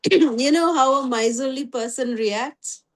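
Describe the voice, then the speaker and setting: High-voiced woman teacher; relaxed storytelling class talk. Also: takes it slowly. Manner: conversational, many "you know" fillers. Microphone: video call.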